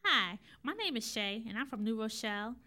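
A woman's voice: fairly high pitch, big pitch swings, normal speed, bright, forceful tone. An actress playing a puzzled young woman in a studio audience who questions the guest.

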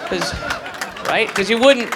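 A grown man doing a crude stand-up routine on a club stage. He rambles through fillers and restarts, then breaks into loud acted outbursts. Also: sits high, takes it slowly, over a noisy crowd, heavy background noise. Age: adult. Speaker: stand-up comedian.

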